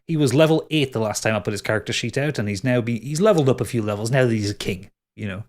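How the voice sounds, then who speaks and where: A man's voice: medium pitch, fast. A man as game master, wrapping up a tabletop podcast episode in rambling, upbeat casual chat. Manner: rambling, lots of restarts and laughs, upbeat.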